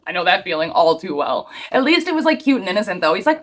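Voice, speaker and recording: A woman in her thirties giving a casual, chatty reaction commentary, full of fillers and quick asides. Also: on the low side. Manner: chatty, filler-heavy, excitable. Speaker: host reacting to cryptid videos.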